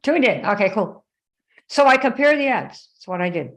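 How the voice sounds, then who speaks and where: This live show host is very animated, speaking at a normal pace in a mid-range voice. She tells her story conversationally, calls out to viewers by name, and acts out the quoted lines herself.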